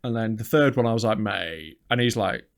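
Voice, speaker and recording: A man's voice: medium pitch, racing. A man co-hosting a comedy podcast, telling rambling, sweary stories in casual chat. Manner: sweary, rambling, animated storytelling. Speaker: podcast co-host.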